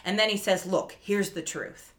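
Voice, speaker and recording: A woman's voice: medium pitch, moderate pace. A woman co-hosting a podcast, casually retelling a TV episode and acting out the characters' lines, laughing and swearing as she goes. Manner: animated storyteller, laughs often, swears casually. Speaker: podcast co-host recapping a TV episode. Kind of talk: casual chat, retelling scenes with quoted voices.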